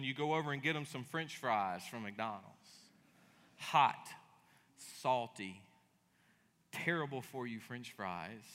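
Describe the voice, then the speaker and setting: A middle-aged man, preaching a sermon as pastor. He acts out dialogue in lively voices and breaks into sudden loud bursts. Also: medium pitch. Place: church sanctuary. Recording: long hall reverb.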